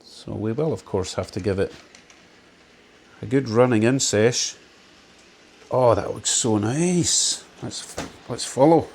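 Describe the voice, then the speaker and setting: A man's voice: medium pitch, slow pace, gravelly, long pauses, a little mellow, slight background noise. A man hosting his model railway channel, giving casual, enthusiastic commentary that pokes fun at himself as he runs a model train around his layout at home. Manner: chatty, enthusiastic, lightly self-mocking.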